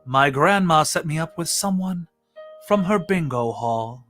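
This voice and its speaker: A man putting on an Australian accent to recite crude one-liners as a deadpan poet. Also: fairly high pitch, measured pace, soft background music. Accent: Australian, put on.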